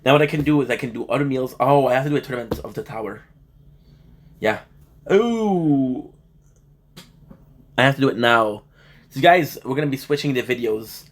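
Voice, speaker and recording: A man's voice: mid-range voice, fast talker. A male gaming streamer talks loosely to his live chat, joking around between bits of game commentary. He sounds worn out and a little under the weather, with a voice that sits in a middling range. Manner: laid-back, joking banter with chat. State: tired and feeling a bit sick.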